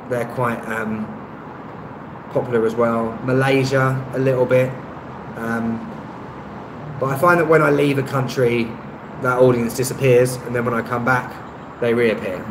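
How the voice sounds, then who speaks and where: A man from West London with a West London accent, hosting a live stream and reading out viewer comments in a relaxed way with lots of ums. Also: mid-range voice. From West London, England. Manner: relaxed, many ums, chuckles at himself. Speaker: YouTube travel channel host. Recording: echoey room, faint traffic noise.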